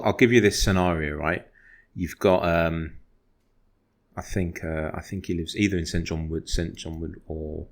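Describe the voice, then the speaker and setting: A man co-hosting a football podcast, rambling through a story and poking fun at himself. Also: low voice. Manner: rambling storyteller, self-deprecating. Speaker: podcast co-host. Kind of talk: casual football podcast chat.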